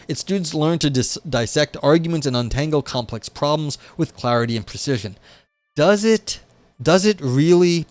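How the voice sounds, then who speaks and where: A man's voice: fairly high pitch, no echo. A young man hosting a live stream, reading a philosophy paper aloud and breaking off into skeptical, offhand commentary. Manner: reads aloud, then breaks off into wry, skeptical asides. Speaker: livestream host reading a paper.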